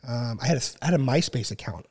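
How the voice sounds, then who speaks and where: A man in his thirties telling a long story in casual chat, with many fillers and frequent throat clearing. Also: mid-range voice, fast. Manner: relaxed, filler-heavy, clears throat often. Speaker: podcast guest.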